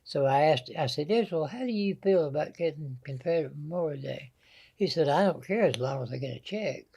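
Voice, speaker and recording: A man's voice: on the high side, lively intonation, a little fast, gravelly, mellow, slight background noise. An older man with a Southern American accent, telling folksy family stories as an interview guest. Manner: folksy, anecdotal storyteller. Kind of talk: storytelling interview.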